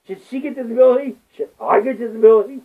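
High-voiced man ranting crudely. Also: quick pace. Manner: rambling, crude, repeats filler curses. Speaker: vlogger. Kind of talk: profane ranting monologue. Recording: tinny phone-like lo-fi audio.

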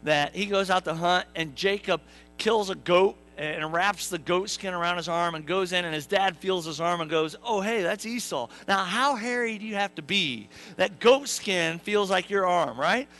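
Preaching a humorous sermon in a church sanctuary, a young adult pastor acts out the characters and asks his congregation questions, joking as he tells the story. His high voice is bright and forceful at a moderate pace, captured on a rough recording.

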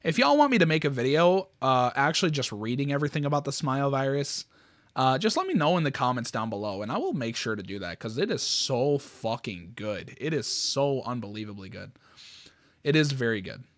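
Man with a lively, bouncy pitch who swears freely, dry close sound; casual channel host reacting to stories. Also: fairly quick, no room sound. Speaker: YouTube host.

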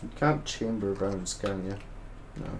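A man's voice: lowish voice, unhurried, a little hiss or hum. A man giving gameplay commentary while he plays, frustrated and swearing constantly between bursts of angry ranting. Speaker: gamer streaming a VR game.

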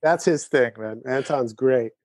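A man's voice: medium pitch, a little slow, a little mellow, no room sound. Easygoing man on a video call. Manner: easygoing storyteller who laughs often. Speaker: guest drummer. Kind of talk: casual chat over video call.

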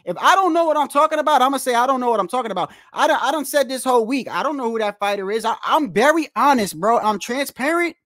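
A man hosting a boxing livestream and ranting in a heated, animated way, repeating himself, swearing often and trash-talking the chat. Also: very high voice, fast, few pauses, dry recording, clean studio sound. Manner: animated, repetitive, trash-talking with frequent profanity.

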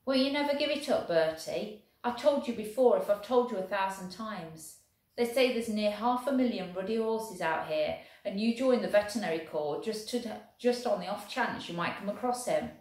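A woman's voice: mid-range voice, expressive, normal speed, darkish tone, lightly acted. A woman voicing a blunt, exasperated male soldier who scolds his friend. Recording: very echoey room.

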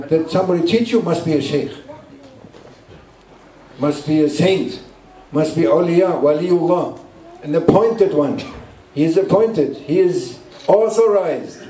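Male Sufi sheikh, sermon, halting repeated lines, distant roomy recording. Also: high voice, mellow. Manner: repeats short emphatic phrases, halting non-native English. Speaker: Sufi sheikh teaching a gathering. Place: indoor gathering room at a guesthouse. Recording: roomy echo, distant mic.

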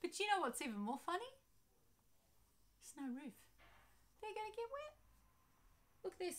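Animated woman reading to children. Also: very high-pitched, normal speed, long pauses. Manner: animated, asking listeners questions. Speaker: picture-book author reading aloud.

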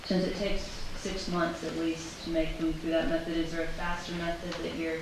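A woman's voice: low voice, little pitch movement, moderate pace, noisy background. A woman in the audience asking a question hesitantly, with many fillers. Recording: distant echoey room mic.

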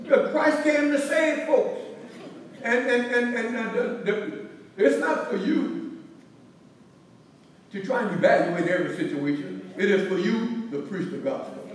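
A man's voice: high voice, animated, moderate pace, slight background noise. A man pastor teaching a Bible study, preaching in a repetitive, rising and falling cadence. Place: church hall. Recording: echoey hall, from far off.

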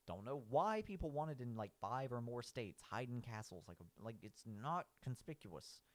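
A man's voice: mid-range voice, very animated, moderate pace. A man giving casual, rambling commentary as he rates cartoon villains. He keeps saying "like", restarts his sentences and laughs at his own points.

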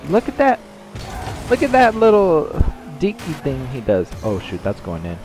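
A man giving excitable gameplay commentary, shouting reactions and trading playful trash talk. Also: a little high, moderate pace, soft background music. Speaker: gaming channel host.

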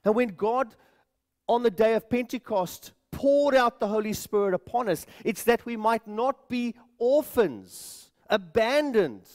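A man's voice: very high-pitched, expressive, unhurried, a little mellow. A man preaching a sermon in a church, earnest, repeating words and addressing the congregation as friends. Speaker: pastor.

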